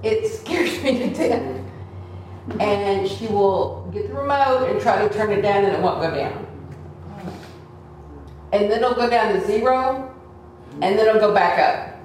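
A woman's voice: mid-range voice, a little slow, long pauses, darkish tone, slight background noise. A woman giving a heartfelt, conversational testimony to a church congregation. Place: church hall. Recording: echoey hall from far off.

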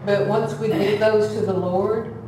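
A woman's voice: mid-range voice, fairly even intonation, measured pace, mellow, a little hiss or hum. A woman giving a heartfelt, conversational testimony to a church congregation. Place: church hall. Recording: echoey hall from far off.

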